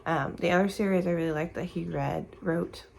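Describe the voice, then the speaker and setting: Female book vlogger, sleepy morning chat, low-ish, heavy vocal fry, meandering delivery with lots of fillers. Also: quick pace, a little mellow, slight background noise, rough recording. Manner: rambling, searching for words with many fillers. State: sleepy and tired, yawning. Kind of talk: casual morning chat to camera. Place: at home in the morning.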